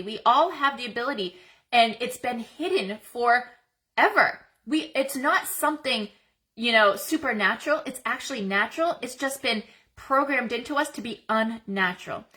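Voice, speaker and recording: A woman's voice: fairly high pitch, sharp tone. A woman with young children, hosting a motivational self-help talk to camera, earnest and encouraging, addressing viewers directly. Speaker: self-help video host.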